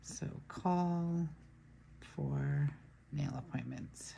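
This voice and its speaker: A woman with a very deep voice and a gravelly edge chats casually about her week while she fills in a planner. She rambles through her stories with frequent asides, and a faint hiss sits under the recording. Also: very slow, dark tone. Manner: chatty, storytelling, trails off into asides. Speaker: planner vlogger.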